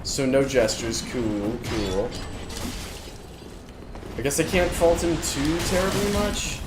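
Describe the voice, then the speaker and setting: Here a weary streamer talks slowly at medium pitch while playing, yawning often. He chats loosely, pokes fun at himself, and circles back to the same phrases. The recording picks up background noise and a roomy feel from his desk setup with monitors.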